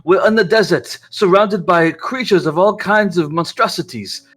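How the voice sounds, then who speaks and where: A man voicing a polite, pleading gentleman with a put-on French accent in a tabletop game. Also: sits high, normal speed, husky, soft background music, voice pushed up. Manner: pleading, courteous.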